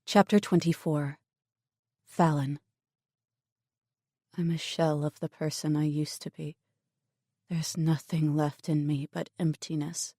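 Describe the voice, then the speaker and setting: A woman narrating a first-person audiobook with a low, dark, mellow voice. Her reading is intimate and emotional. The recording is close and completely dry. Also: steady tone, slow, long pauses, breathy edge, dry recording.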